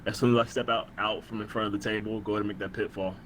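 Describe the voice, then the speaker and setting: A man's voice: lowish voice, little pitch movement, racing, fairly bright tone. A man playing a tabletop game, talking in a rambling way, swearing and laughing often. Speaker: player. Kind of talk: casual tabletop game chat. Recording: noisy home recording.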